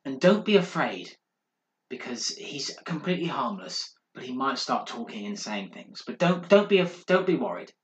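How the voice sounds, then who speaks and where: A calm mansion butler played by a man soothes a nervous guest with a bright, forward voice. The room around him is roomy and echoey. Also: mid-range voice, normal speed, a little hiss or hum. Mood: reassuring. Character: reassuring male butler of a dark mansion. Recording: roomy echo.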